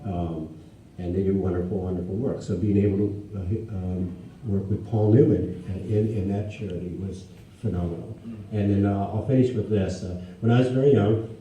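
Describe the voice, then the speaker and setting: A man in his sixties from the United States tells anecdotes to a live audience as a guest speaker, acting out the dialogue in animated voices. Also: low-pitched, normal speed, dull audio. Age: 60s. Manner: animated, acts out quoted dialogue in raised voices. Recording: echoey hall, distant mic, faint ambience.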